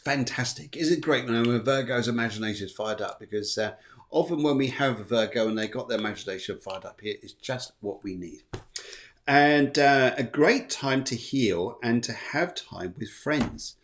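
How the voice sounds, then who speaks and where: A man's voice: mid-range voice, moderate pace, fairly bright tone, slight background noise. A man hosting a live astrology show, chatting playfully and reading out viewer comments. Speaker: host.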